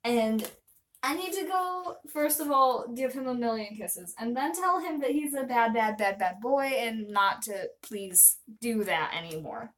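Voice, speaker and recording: A woman's voice: fairly high pitch, expressive, unhurried. A young woman chatting casually on a live stream, rambling and self-deprecating.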